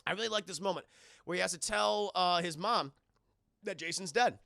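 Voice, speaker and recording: A man with a gravelly, crackling voice, pitched high for a man, recaps a film for his live chat. He is loose and profane and keeps jumping into the characters' lines. The sound is dry and close, with no room around it. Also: no echo. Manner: animated, profane, acts out characters' lines in quick bursts. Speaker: live streamer reviewing films. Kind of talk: casual spoiler recap on a live stream, addressing chat.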